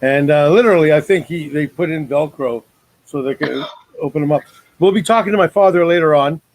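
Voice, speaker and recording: A man's voice: on the high side, a little fast, no echo, rough recording. A man hosting a casual online talk show over a video call, joking and rambling with lots of fillers.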